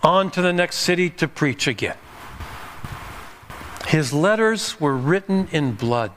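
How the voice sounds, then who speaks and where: Emphatic preacher man, slightly high voice. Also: expressive, unhurried, fairly bright tone, a little hiss or hum. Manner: emphatic, climbing in pitch on key points; restarts, repeating words. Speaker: pastor. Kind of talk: sermon.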